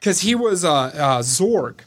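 A man's voice: on the high side, big pitch swings, slow, a bit bright. Joking, rambly man talking movies. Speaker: podcast co-host. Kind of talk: casual chat.

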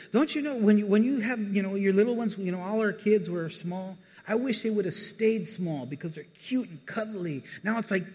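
In a reverberant hall, a man gives a relaxed, conversational sermon to his congregation in a high-pitched, slightly rough voice. Now and then he slips into quick asides, acting out what people said.

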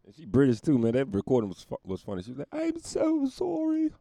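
A man's voice: mid-range voice, rapid-fire, mellow, dry recording. A male comedian delivering a profane, rambling casual podcast monologue.

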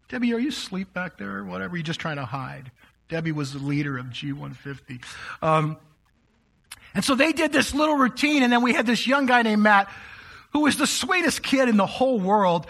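A man's voice: high-pitched, sharp tone. A man preaching a sermon to a live congregation in a church, speaking conversationally and addressing the listeners directly. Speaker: pastor.

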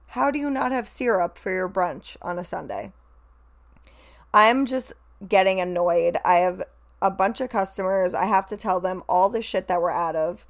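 A young woman telling a frank story about her workday, casual and animated, swearing freely and acting out what others said. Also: mid-range voice, normal speed.

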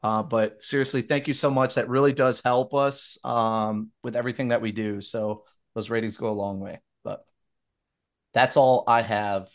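A young adult man hosting a casual podcast, reading listener reviews aloud and dropping quick asides between lines. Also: mid-range voice, steady tone.

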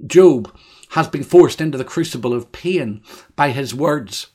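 A man's voice: mid-range voice, lively intonation, measured pace. A man preaching a solemn sermon on grief, reading scripture aloud and crying out its laments with rising force. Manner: solemn, swells loudly on lament quotations.

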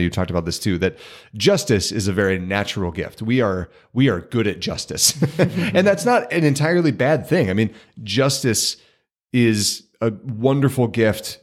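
A man co-hosting a faith podcast, laying out steps toward forgiveness in a measured, teacherly way. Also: fairly low pitch. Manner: measured, teacherly, gently emphatic. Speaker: podcast co-host. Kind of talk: reflective teaching in conversation.

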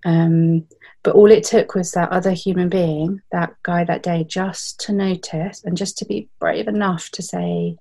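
A woman's voice: lowish voice, steady tone, unhurried, creaky, dark tone. A British woman in her thirties, telling her story candidly as an interview guest, reflective and heartfelt, with plenty of fillers. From Britain.

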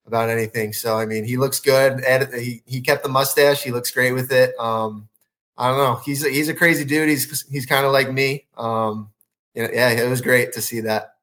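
A man's voice: medium pitch, level tone, moderate pace, fairly bright tone. A man who is a professional soccer goalkeeper, answering in a laid-back, casual way on a podcast. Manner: laid-back, lots of "you know" fillers.

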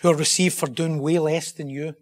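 A man preaching a sermon, impassioned and building to loud, emphatic rhetorical questions. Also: on the high side, fairly even intonation, brisk.

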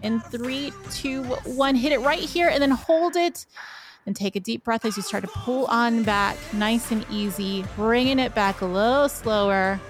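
A woman coaching a guided treadmill workout, calmly counting down each interval. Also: on the high side, unhurried, soft background music. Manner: calm, counts down in threes. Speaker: running coach.

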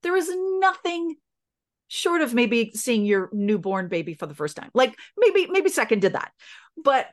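A woman's voice: medium pitch, very animated, moderate pace. A middle-aged woman speaking as a podcast guest. She tells a personal story earnestly and with feeling, stopping and restarting as she goes.

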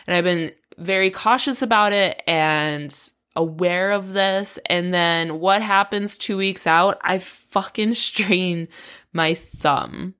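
Frustrated, swearing woman, lower voice. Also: slow, a bit bright, clean tone. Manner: frank, frustrated, swears a lot, rambling. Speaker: podcast host. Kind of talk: casual personal training update.

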